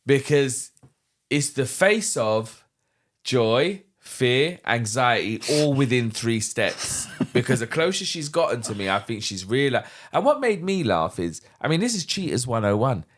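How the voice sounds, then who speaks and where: In an unhurried, mid-range voice, a middle-aged London man appears as a podcast guest, candidly recounting something that happened to him. He brings it to life with animated delivery and acted-out dialogue.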